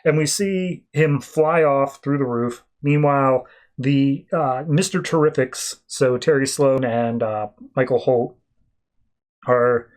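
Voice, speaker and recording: A man hosting a podcast, retelling a comic story in a loose, chatty way with lots of fillers. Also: medium pitch. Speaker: podcast host. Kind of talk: casual podcast comic recap.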